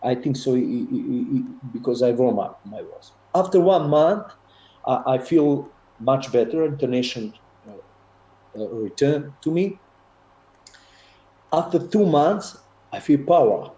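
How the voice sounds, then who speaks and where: Halting man, slow and muffled. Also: medium pitch, animated, dark tone. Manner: halting, repeats words, broken English. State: ill, on antibiotics. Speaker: voice student. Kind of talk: video call interview. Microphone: video call. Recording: roomy, muffled video call audio.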